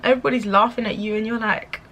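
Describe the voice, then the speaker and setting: A young woman ranting to camera as a vlogger, sassy and animated and laughing often. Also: fairly high pitch, fast talker. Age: young adult. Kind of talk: candid rant to camera.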